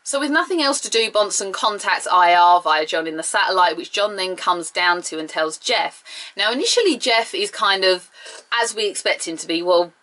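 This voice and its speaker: A woman's voice: medium pitch, animated, moderate pace, sharp tone. A woman giving a chatty, enthusiastic review of a TV episode, with playful asides.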